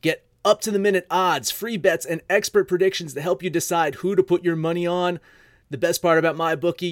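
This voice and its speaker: A man's voice: high voice, dry recording. Man, upbeat ad read, salesy, dry close audio. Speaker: ad announcer. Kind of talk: scripted ad read.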